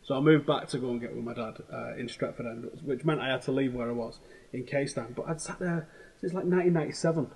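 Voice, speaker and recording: Casual show host: Manchester man in his thirties, quick delivery, a touch husky. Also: mid-range voice, low-quality recording. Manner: animated storytelling, heavy swearing, slangy. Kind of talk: casual chat.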